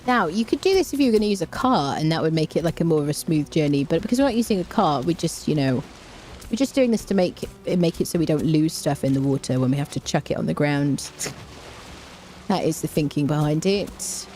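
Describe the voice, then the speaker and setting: A woman talks through her game in a chatty, playful way, her pitch swinging up and down, and she hums little tunes as she goes. Her voice is warm and mellow. Faint music plays behind her. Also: lively intonation, brisk. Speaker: gaming streamer. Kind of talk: casual let's-play commentary.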